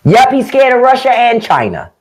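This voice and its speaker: Blunt, mocking livestream host with a lively voice. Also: male voice, extremely high pitch, moderate pace. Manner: blunt, mocking, profane, talks back to chat comments. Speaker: podcast host on a live stream. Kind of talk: unfiltered political rant to live chat.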